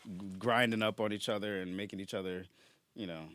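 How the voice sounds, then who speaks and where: Bright-voiced man bantering on a comedy podcast. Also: on the low side, fairly even intonation, brisk. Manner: loose, crude and self-mocking banter. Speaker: comedian guest. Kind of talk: casual comedy podcast chat.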